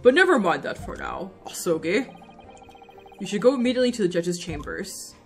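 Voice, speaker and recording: A woman voicing a calm male professor of forensic medicine in a video game, slow, measured and formal, with faint game music behind. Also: medium pitch.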